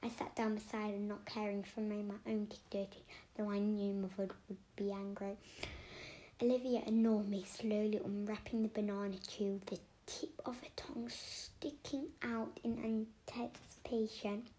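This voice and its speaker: Lady whispering a storybook, soft hushed voice, middle pitch, whispered role-play. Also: flat delivery, moderate pace.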